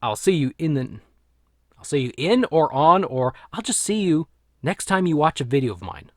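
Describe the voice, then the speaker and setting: A man's voice: fairly high pitch, big pitch swings, normal speed, no room sound, clean studio sound. A man giving a casual, rambling action figure review, often correcting himself as he talks into his desk camera. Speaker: toy reviewer.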